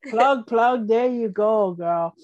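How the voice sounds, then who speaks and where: An older woman hosting a casual interview podcast who encourages her guest with quick, affirming responses. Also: a little high, darkish tone, no room sound, highs cut off. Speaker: podcast host.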